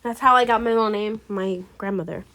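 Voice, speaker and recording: A woman's voice: medium pitch, brisk, bright, forceful tone, natural voice. A woman voicing an anxious young wife and new mother who rambles and corrects herself, in an amateur role-play drama. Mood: explaining. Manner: rambling, trailing off, self-correcting.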